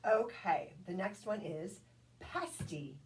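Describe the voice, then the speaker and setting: A woman tutoring one-on-one in a phonics drill, patient and encouraging, sounding out each letter slowly. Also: fairly low pitch. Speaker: reading tutor. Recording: distant mic with faint background noise.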